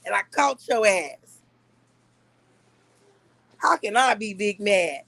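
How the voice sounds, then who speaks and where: A woman's voice: mid-range voice, animated, slow, creaky, a bit bright, no echo. A woman live streamer ranting and taunting in brash, profane trash talk.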